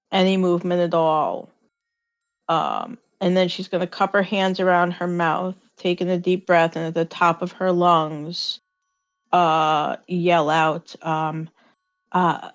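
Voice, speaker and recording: A woman playing a tabletop game, describing her character's actions hesitantly with many fillers. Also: fairly low pitch. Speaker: player. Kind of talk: casual tabletop play.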